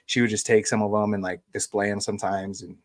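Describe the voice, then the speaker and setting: A young man from Denver, co-hosting a casual podcast. He talks in a relaxed, profane way and laughs at his own stories. His voice sits somewhat low. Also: quick pace. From Denver, USA. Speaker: podcast co-host. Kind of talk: casual storytelling chat.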